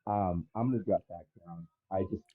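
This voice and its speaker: A man calling into a live show, speaking haltingly and repeating words as he starts sentences. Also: deep voice, over a noisy crowd. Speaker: caller. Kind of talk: call-in chat. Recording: tinny phone-like call audio.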